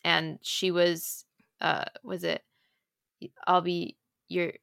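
A woman co-hosting a casual podcast chat, retelling book scenes with lively acted-out quotes. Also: on the low side, extremely slow, creaky, smooth, no echo, studio quality. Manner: animated, acts out scenes in loud quoted voices. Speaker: podcast co-host.

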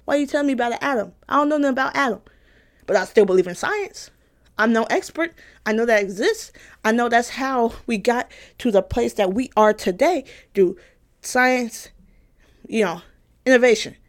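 A young adult woman talks straight to her viewers in a fed-up rant, her voice sitting a little high. She repeats her points for emphasis, swears freely, and breaks into short laughs partway through sentences. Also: lively intonation, moderate pace. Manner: emphatic, repetitive, profane, laughs mid-sentence. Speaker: vlogger. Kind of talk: opinion rant to camera.

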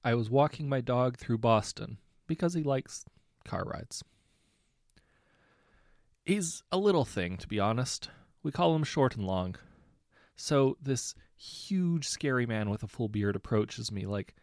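Man, gravelly low-middle voice, dry close sound, relaxed storytelling narration. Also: a little slow, dry recording. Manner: relaxed, conversational storytelling with self-corrections. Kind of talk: reading short anecdotes aloud.

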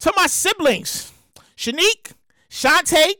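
A woman's voice: very high voice, animated, takes it slowly, sharp tone, dry recording. A woman hosting a show, ranting in casual, profane talk and repeating herself in exasperation. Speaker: podcast host. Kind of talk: casual comedic rant.

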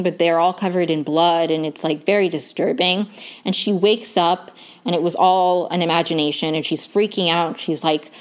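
Chatty young woman recapping a show. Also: lowish voice. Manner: chatty, lots of "like" and "um", self-correcting. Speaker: recap host. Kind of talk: casual TV recap monologue.

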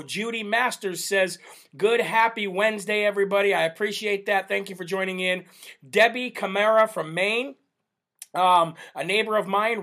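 A man hosting a live stream, reading out viewer shout-outs in a chatty, casual way, laughing often and using many fillers. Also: high voice. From United States. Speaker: livestream host.

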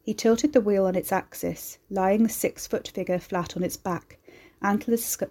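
A woman reading scripted horror story narration in a measured, deliberate way. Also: on the low side, mellow.

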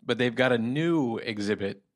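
A man's voice: medium pitch, lively intonation, moderate pace. A man co-hosting a podcast, telling a long, rambling story in casual chat. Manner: rambling, full of fillers and restarts. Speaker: podcast co-host.

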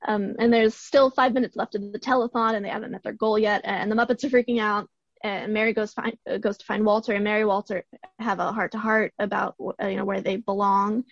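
A young woman co-hosting a podcast, her voice hoarse, retelling a film's scenes in a rambling, excited way. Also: mid-range voice, fast talker, no room sound, highs cut off. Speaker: podcast co-host. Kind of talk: casual chat.

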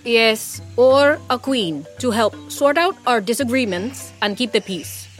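Woman doing a grave bird chief, male hornbill, announcing slowly, storybook. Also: fairly high pitch, expressive, soft background music, voice pushed up. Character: grave, peace-loving male hornbill leader.

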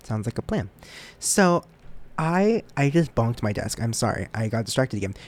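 A man's voice: mid-range voice, big pitch swings, normal speed. A young man hosting a casual solo podcast, rambling and self-deprecating, often stumbling over his words. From United States. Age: young adult. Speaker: podcast host.

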